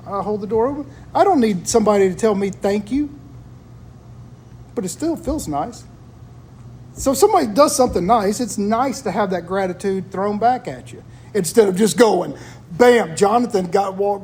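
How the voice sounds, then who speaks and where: A man's voice: high voice, animated, moderate pace, a little mellow, a little hiss or hum. A man talking in a casual chat, telling stories about his family in an earnest, reflective way.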